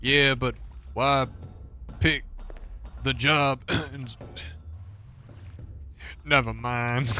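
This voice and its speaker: A man's voice: medium pitch, fairly even intonation, drawn-out words, long pauses, pushed and bright. A man streaming a game, chatting casually and sarcastically to himself and his viewers, laughing and swearing often. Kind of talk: casual gaming commentary.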